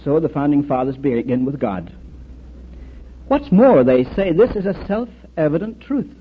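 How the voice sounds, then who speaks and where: A former military chaplain gives an earnest lecture packed with anecdotes and rhetorical questions. His voice is fairly high and a bit breathy, with lively intonation and a measured pace, captured on a dull lo-fi recording.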